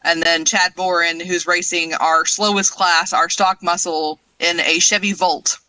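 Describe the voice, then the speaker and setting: Bright-voiced woman calling in by phone. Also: fairly low pitch, little pitch movement, measured pace, smooth, dry recording, rough recording. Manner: friendly, laughs between points. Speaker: car club organizer, guest. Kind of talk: casual interview answers. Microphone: cell phone.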